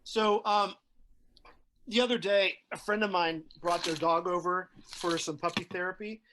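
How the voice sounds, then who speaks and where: A man's voice: high voice, fairly even intonation, normal speed, background noise. A man co-hosting a podcast, telling stories in a chatty way with many fillers. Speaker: podcast co-host. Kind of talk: casual chat.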